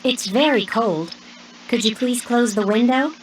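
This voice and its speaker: A woman's voice: a little high, measured pace, slight background noise, close to an everyday voice, low-quality recording. A woman reading a polite favor-asker. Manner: polite scripted request. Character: woman asking a favor in textbook dialogue. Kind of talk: scripted textbook dialogue.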